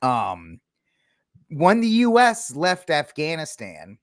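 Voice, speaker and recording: Podcast host, male, fairly high voice, opinionated and mocking, dry close sound. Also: lively intonation, normal speed, no room sound. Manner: opinionated, mocking, acts out impressions of politicians. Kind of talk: casual political commentary.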